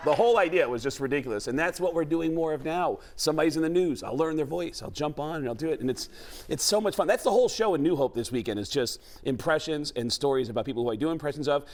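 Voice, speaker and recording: A man's voice: a little high, quick pace, hardly any pauses, slight background noise. A man from the Bronx, a comedian and impressionist guest, telling stories on a talk show and slipping into voices. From the Bronx, New York. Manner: animated, jumps into voices and impressions.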